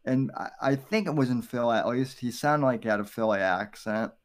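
A man's voice: medium pitch, fairly quick. Hesitant man with a mid voice. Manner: hesitant, many fillers and restarts. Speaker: podcast co-host. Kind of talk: casual chat.

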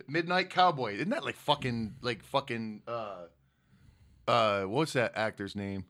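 Crude, blunt man from Michigan with a Michigan accent, podcast co-host; bright, forceful tone. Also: medium pitch, measured pace. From United States. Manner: crude, loud bursts when reading names. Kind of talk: casual chat reading viewer super chats.

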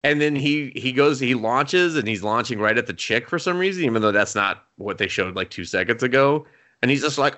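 Bright-voiced young man, animated and profane. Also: mid-range voice, brisk. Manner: animated, profane, acts out characters' lines. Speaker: podcast co-host. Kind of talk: casual anime recap chat.

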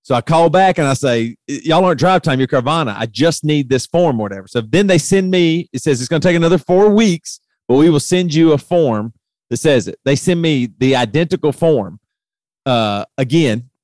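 A middle-aged man tells a long, exasperated story in casual conversation. His pitch swings widely, climbing sharply when he gets worked up, and the recording is dry and close. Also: normal speed, dry recording. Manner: animated retelling, voice rising sharply when heated.

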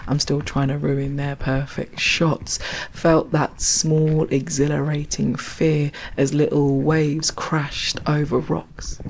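Slow, gravelly woman telling stories. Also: sits low, flat delivery, darkish tone, slight background noise. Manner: slow, poetic and wry, with asides. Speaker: storyteller. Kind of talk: reflective spoken-word storytelling. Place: outdoors, walking along a canal.

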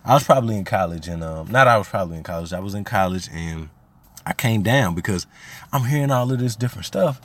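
A man's voice: on the low side, expressive, fast talker. A man from Arkansas, hosting a podcast and telling family stories in a slangy, rambling way that turns heated when he is riled. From Arkansas, USA. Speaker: podcast host. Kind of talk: casual storytelling monologue.

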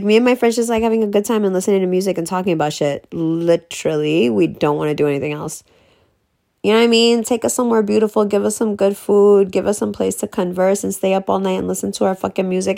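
A woman ranting bluntly in a casual monologue, profane and emphatic, swinging between slow stressed words and fast bursts. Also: mid-range voice, vocal fry, a little mellow. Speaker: vlogger.

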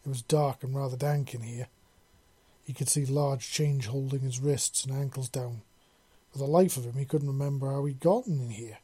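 A man reading a science-fiction fan story aloud, in steady descriptive narration. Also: mid-range voice, moderate pace, husky, dry recording.

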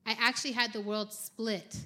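A woman writer in a lively conversation, animated and quick to laugh. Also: on the high side. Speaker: fiction writer.

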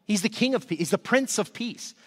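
High-voiced pastor preaching in a reverberant hall. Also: male voice, fairly quick, breathy edge. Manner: energetic, repeats words when excited. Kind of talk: sermon. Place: church service.

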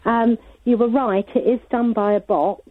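A woman's voice: fairly high pitch, steady tone, moderate pace. A woman calling a radio phone-in, precise and matter-of-fact, heard down a phone line. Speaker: caller. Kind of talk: phone-in call.

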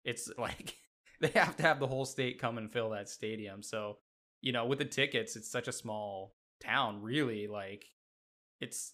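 A man's voice: mid-range voice, a little slow, bright, forceful tone. A man co-hosting a sports podcast, talking casually and rambling with lots of "like" fillers, from the Midwest. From Midwest United States. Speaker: podcast co-host.

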